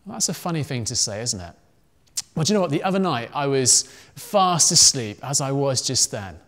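A man giving an animated children's talk at a family worship service, telling a story and acting out the voices in it. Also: mid-range voice, moderate pace, long reverb tail. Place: church.

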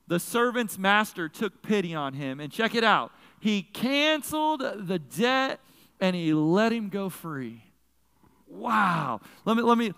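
Pastor, male, high and clear voice, laid-back animated preaching in a reverberant sanctuary. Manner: casual, animated storytelling with slang asides. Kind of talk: sermon. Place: large church sanctuary. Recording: long reverb of a large hall.

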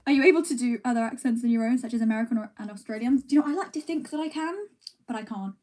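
Young woman, casual livestream chat, rambling, giggly, mellow, slightly high voice. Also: rapid-fire. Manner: rambling, giggly, self-deprecating. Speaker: streamer.

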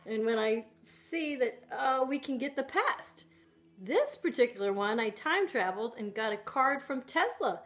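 A woman's voice: on the high side, lively intonation, normal speed, a bit bright. A woman vlogger hosting a playful fan video, giggling often between lines.

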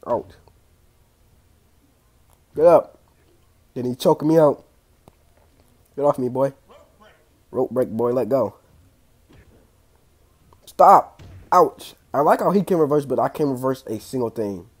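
A young man casually commentating his own wrestling video game play, excitable and slangy, trash-talking the opponents, with a clogged throat. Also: mid-range voice, a little slow, pauses often. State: congested throat. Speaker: gaming channel host.

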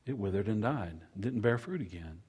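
A man delivers a sermon in a husky, slightly low voice. He leans on repetition, building phrases up loudly and then letting them fall to a near hush. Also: expressive, fairly quick. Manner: preacher cadence, repetitive, swings from loud to hushed. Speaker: pastor.

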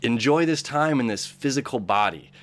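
A man's voice: medium pitch, animated, normal speed. A young man hosting an astrology channel, talking casually and upbeat, rambling with many fillers and acting out little inner voices. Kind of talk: casual spoken astrology reading.

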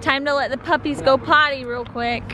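A young woman chatting to camera for her travel vlog, bubbly and quick to laugh, filming from a car. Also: high-pitched, fairly even intonation. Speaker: vlogger. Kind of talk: casual travel vlog chat. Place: in a car and outdoors at night.

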